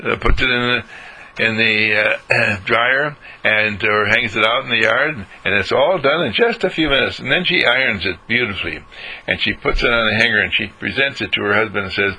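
A man's voice: on the low side, moderate pace, pushed and bright, breathy edge, poor audio. An older man giving a folksy moral talk, acting out little everyday scenes as he goes. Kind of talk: storytelling lecture.

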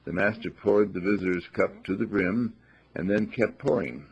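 A man with a low, gravelly and somewhat husky voice gives a quiet spiritual talk, telling parables in a soft storytelling manner. The recording is dull and lo-fi, with muffled highs. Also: normal speed. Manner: soft-spoken storyteller, voices characters in quotes. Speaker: spiritual teacher. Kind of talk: reflective spiritual talk with told stories.

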